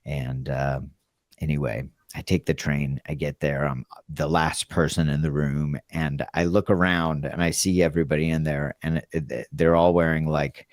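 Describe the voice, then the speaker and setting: A man's voice: rumbling low, little pitch movement, moderate pace, dry recording, clean studio sound. A man casually telling a rambling story about his acting start, often laughing as he goes. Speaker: guest storyteller.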